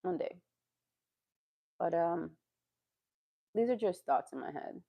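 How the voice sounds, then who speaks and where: Low-voiced woman musing candidly. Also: lively intonation, a little slow, gravelly, dull audio. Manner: rambling and confessional, with sighs, laughs and swearing. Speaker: vlogger. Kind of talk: candid casual monologue.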